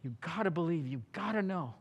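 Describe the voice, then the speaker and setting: A man with a high voice preaching a sermon, his words ringing with the long reverb of a big hall. He is impassioned and swings between loud urgent stretches and hushed ones. He drops in casual asides like a friend talking. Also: lively intonation, brisk, breathy edge. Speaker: pastor.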